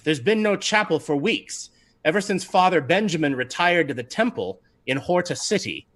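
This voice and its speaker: A man's voice: on the high side, big pitch swings, normal speed, fairly bright tone, voice pushed up. A man voicing a burly village blacksmith who complains earnestly. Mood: worried.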